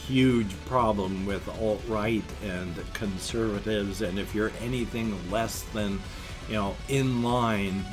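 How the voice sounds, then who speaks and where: Emotional rambling man in his fifties. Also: fairly low pitch. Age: 50s. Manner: emotional, rambling, talks of crying over animals. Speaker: vlogger. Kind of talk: casual vlog monologue.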